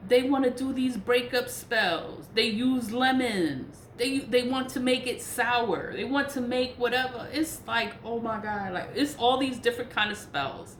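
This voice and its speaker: A woman's voice: fairly high pitch, unhurried, hardly any pauses. A woman spiritual practitioner in a casual vlog rant, blunt and profane, laughing between points. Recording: echoey room with faint noise.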